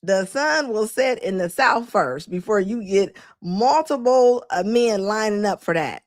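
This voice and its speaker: A woman commenting live to her chat, animated and laughing often as she mocks the people she quotes. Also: mid-range voice, unhurried, no echo, studio quality. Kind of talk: reaction stream talking to chat.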